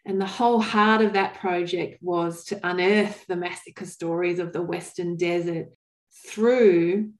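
A woman's voice: fairly low pitch, steady tone. Earnest woman, echoey room. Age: 40s. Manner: earnest, thoughtful, with frequent pauses and restarts. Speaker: guest. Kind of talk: reflective interview storytelling.

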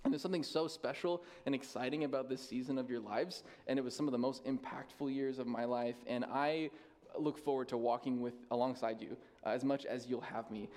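In a church sanctuary, a weary man in his thirties who serves as lead pastor runs through announcements in a relaxed, self-mocking way. He speaks fairly quickly in a mid-range, somewhat dark voice with fairly even intonation, chatting freely and laughing readily.

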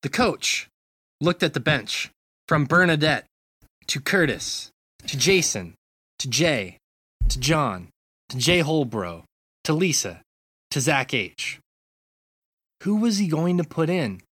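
Brief: unhurried gaming podcast co-host, playful storyteller, dry studio sound. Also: mid-range voice, big pitch swings, fairly bright tone, breathy edge, no room sound. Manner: slow, teasing delivery. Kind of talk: casual chat and reading a comedy skit.

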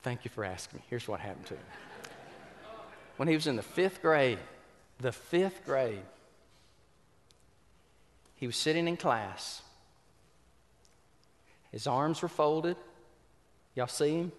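A man's voice: medium pitch, animated, slow, long pauses. A man preaching a sermon, telling a story with repeated words and questions to the congregation. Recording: reverberant hall.

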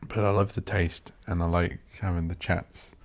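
Guy, deep voice, swearing, rambling solo podcast host. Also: level tone, moderate pace. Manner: swears a lot, rants and mocks posh voices.

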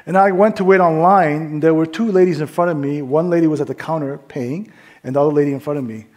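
A male pastor with a fast, high-sided voice preaches a casual, conversational sermon packed with fillers, telling a story and voicing its characters. In prayer he drops to a soft hush.

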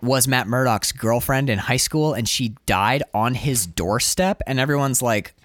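A man's voice: mid-range voice, measured pace, hardly any pauses, fairly bright tone, no room sound, clean studio sound. A man in casual chat as a podcast co-host, rambling with lots of fillers and restarts. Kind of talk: casual chat about comics.

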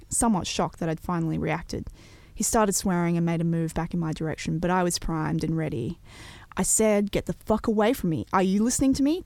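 Low-voiced woman narrating a personal story. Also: creaky, a little mellow, dry recording. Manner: measured, reflective storytelling.

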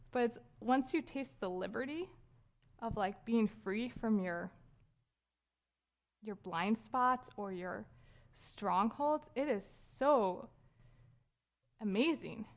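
A woman's voice: fairly high pitch, animated, slow pace, pauses often. Casual woman preaching, lo-fi sound. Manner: conversational with fillers and light laughs. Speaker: speaker leading a church gathering. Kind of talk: casual sermon talk. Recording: dull lo-fi sound.

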